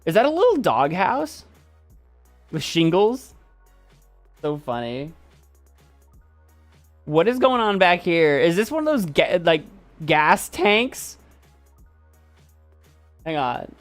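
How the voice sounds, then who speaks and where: Playful man with a lively voice. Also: a little high, measured pace, pauses often, faint music behind. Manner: playful, jokey, laughs often. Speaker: streamer host. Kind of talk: casual commentary on viewer photos.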